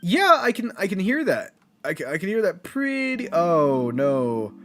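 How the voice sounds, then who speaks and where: Brief: casual male streamer, lively up-and-down voice, rambling, light music behind. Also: high-pitched, unhurried. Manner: chatty, rambling, self-deprecating. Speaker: let's play streamer. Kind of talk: casual game commentary.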